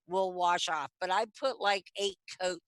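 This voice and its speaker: A middle-aged woman, a metal detectorist guest on a video call, telling stories in a lively, chatty way. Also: lowish voice, unhurried, noisy background. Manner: animated, chatty, acts out quoted lines. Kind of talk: casual storytelling. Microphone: computer mic on video call.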